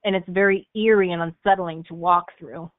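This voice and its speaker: A woman's voice: on the low side, a little fast, no room sound. A young woman, a podcast guest, telling stories casually with lots of fillers and laughter. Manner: animated storyteller who laughs often, with fillers like "like" and "um". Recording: tinny phone-like line.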